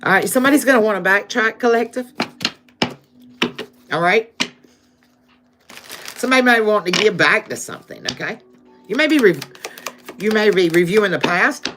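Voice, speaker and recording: A woman's voice: medium pitch, animated, moderate pace, pauses often, over music. A woman giving a live-stream tarot reading, addressing her viewers as "collective" and checking in with "okay?" often. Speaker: tarot reader.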